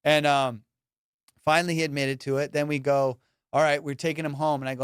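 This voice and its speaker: A man hosting a comedy podcast, spinning stories in loose slang and throwing on voices for the people in them. His voice sits a bit high and comes through smooth and resonant. The close mic is completely dry, with no room sound around him. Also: a little fast, dry recording. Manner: slangy, animated, acts out quoted voices. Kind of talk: casual storytelling.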